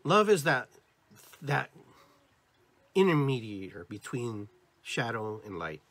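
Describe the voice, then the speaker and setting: Guy hosting a spiritual podcast, husky voice, really lively up-and-down delivery, keeps repeating himself for emphasis. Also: medium pitch, slow pace. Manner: emphatic and repetitive, addresses listeners directly; acts out different tones of voice as examples. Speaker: podcast host. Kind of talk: motivational spiritual talk.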